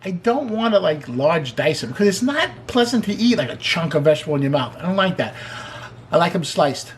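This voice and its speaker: Chatty high-voiced man cooking. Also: very animated, brisk, slight background noise. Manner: chatty and enthusiastic, with joking asides. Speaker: cooking show host. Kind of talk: casual cooking demonstration.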